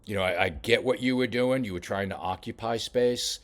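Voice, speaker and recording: A man coaching a boxer while reviewing fight footage, talking casually with many halting restarts. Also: lowish voice. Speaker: boxing coach. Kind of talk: film study commentary.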